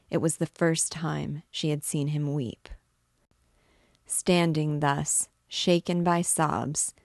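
A woman reading a classic novel aloud in a measured, unhurried way. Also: low voice, darkish tone, dry recording, clean studio sound. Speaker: book discussion host reading aloud.

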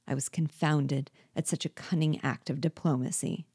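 A woman reading a classic novel aloud in a measured, clear storytelling manner. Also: low voice, fairly even intonation, darkish tone. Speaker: reader.

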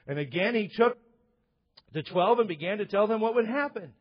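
Passionate high-voiced male preacher. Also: animated, normal speed, husky, dull audio. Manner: passionate, emphatic, repeats words. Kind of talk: sermon.

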